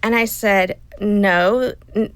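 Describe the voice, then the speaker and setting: A woman's voice: mid-range voice, a little fast, gravelly, a bit bright, dry recording, low-quality recording. A woman in her fifties tells a personal story to an interviewer, speaking emotionally and acting out what others said in quotes. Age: 50s. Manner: emotional, retelling dialogue in quotes. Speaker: guest.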